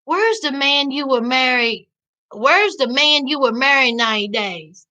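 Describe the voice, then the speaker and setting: A woman with a Southern US accent hosts a casual live recap, answering chat in a sassy, animated way. Her voice sits very high. It sounds bright and forceful. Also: unhurried, dull audio. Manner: sassy, animated, calls viewers child and honey. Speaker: livestream host reading chat.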